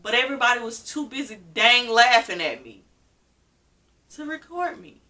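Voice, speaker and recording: A young woman with a bright, clear voice tells a personal story to her vlog audience. She talks casually and with animation, laughing often and leaning on the word "literally". She sits a bit back from the microphone. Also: a little high, expressive, moderate pace. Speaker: vlogger. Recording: voice a bit far from the mic.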